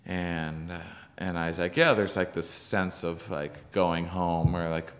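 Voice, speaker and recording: A comedian being interviewed, telling a story in a halting, searching way with many ums and restarts. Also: male voice, low-pitched, level tone. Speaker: podcast guest, comedian. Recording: long reverb from the room.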